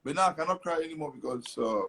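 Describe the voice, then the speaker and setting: A man's voice: fairly high pitch, lively intonation, fast, a bit bright, slightly rough. A young man from Cameroon, telling his story animatedly in an interview, repeating words and slipping into Pidgin. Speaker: comedian guest.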